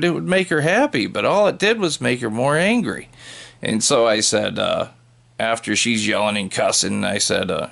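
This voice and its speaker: A man's voice: on the low side, lively intonation, moderate pace, gravelly, fairly bright tone. A man doing a sarcastic stand-up routine as a trucker, telling wry stories. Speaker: trucker comedian. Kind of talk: stand-up comedy how-to monologue.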